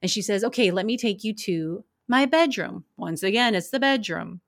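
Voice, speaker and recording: A woman who works as a crime scene investigator, casually telling wry, animated stories from her work. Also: medium pitch, moderate pace. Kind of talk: casual anecdotal storytelling.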